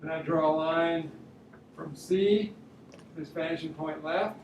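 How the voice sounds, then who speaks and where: A man's voice: on the high side, fairly even intonation, slow, a little mellow. Man teaching drawing in an echoey room. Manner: thinks aloud step by step while drawing. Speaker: art teacher. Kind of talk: drawing demonstration lesson. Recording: roomy echo, mic at a distance, faint room noise.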